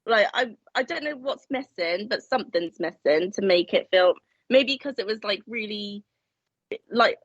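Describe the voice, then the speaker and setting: A woman chatting as a guest on a podcast. She swears a lot, and her voice jumps high when she rants. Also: lively intonation, measured pace, breathy edge, no echo. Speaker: special guest. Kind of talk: casual podcast chat. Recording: dry, muffled audio.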